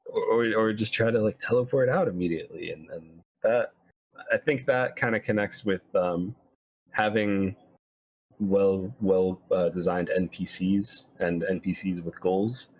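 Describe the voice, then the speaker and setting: A man co-hosting a casual podcast chat about running tabletop games, talking in a relaxed, rambling way with frequent restarts. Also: low voice, unhurried, husky. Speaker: co-host.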